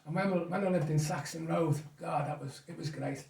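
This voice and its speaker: A man's voice: on the high side, a little fast, gravelly, darkish tone, recorded from a distance. A man, a guest reminiscing in rambling, chuckling stories. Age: 60s. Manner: rambling storyteller, chuckles often. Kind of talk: casual reminiscing chat. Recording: echoey room, off mic.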